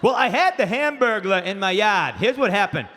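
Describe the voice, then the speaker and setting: A stand-up comedian from Maine, with a Maine accent, performs a loud, crude routine full of stories and acted-out voices. His voice sits high and is very animated at a moderate pace. It's a live club recording with long reverb and faint ambience.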